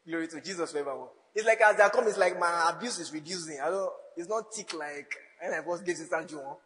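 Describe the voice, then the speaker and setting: A man's voice: a little high, a bit bright, big-room sound, a little hiss or hum, poor audio. A man preaching a sermon as a pastor, teasing his congregation and laughing often. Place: church hall.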